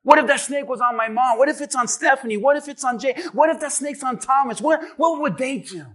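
Man, pastor, sermon, forceful bright tone, dramatic, shouts at climaxes. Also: extremely high pitch, a little fast. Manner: dramatic, shouting at peaks, acting out quotes.

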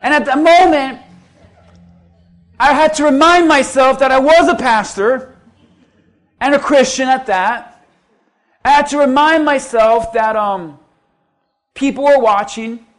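Male pastor, middle-aged, high-pitched, storytelling preacher who rises to bursts of emphasis. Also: unhurried, long pauses, a bit bright. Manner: storytelling, rising to emphatic peaks. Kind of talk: sermon.

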